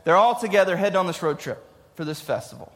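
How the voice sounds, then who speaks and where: Youth pastor, man, 30s. High voice, casual and joking, talks to the crowd, big reverberant hall. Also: animated, fast talker, a bit bright. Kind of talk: youth sermon.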